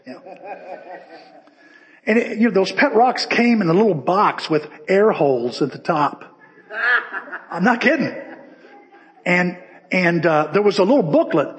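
Male pastor, conversational sermon delivery, fairly high-pitched, long church reverb. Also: normal speed. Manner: conversational, animated storytelling. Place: church sanctuary.

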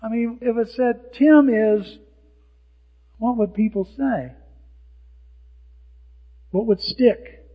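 A male pastor preaching a sermon in an animated way, acting out the lines of people who mock. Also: very high-pitched, takes it slowly, long pauses. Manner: animated, acts out hecklers' lines. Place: church sanctuary. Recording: dull sound with long hall reverb.

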